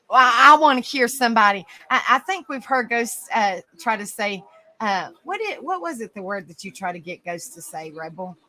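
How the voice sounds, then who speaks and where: A woman's voice: fairly high pitch, animated, normal speed, pauses often, sharp tone, low-quality recording. A woman hosting an open panel in casual chat, rambling with lots of fillers and frequent giggles.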